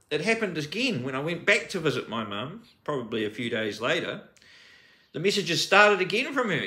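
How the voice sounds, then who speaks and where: A man's voice: on the high side, a bit bright, reverberant. A man telling a personal story to camera, agitated and rambling, restarting sentences and swearing. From New Zealand.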